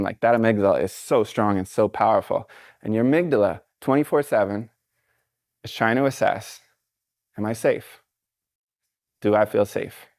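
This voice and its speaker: A middle-aged man giving a casual, conversational motivational talk from a stage to a live audience, encouraging and relaxed, with frequent fillers. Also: on the low side, no echo, studio quality.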